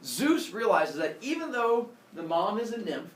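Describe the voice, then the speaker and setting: A man casually retelling a myth as a comedy story, animated, with jokey asides and lots of fillers. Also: high voice, measured pace. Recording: echoey room, mic far off.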